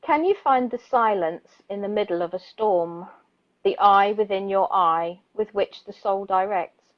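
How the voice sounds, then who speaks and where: A woman reads poems aloud in a slow, soothing voice on a community radio show, then slips into easy, laughing chat. Her voice sits at a medium pitch, and the recording sounds a little dull and lo-fi. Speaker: radio co-host reading listeners' poems. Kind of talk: gentle poetry reading and casual chat.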